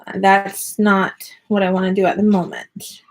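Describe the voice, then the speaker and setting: A woman vlogging from her home classroom, chatting casually and upbeat with quick laughs while she crafts. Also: mid-range voice, little pitch movement. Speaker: vlogger and online teacher.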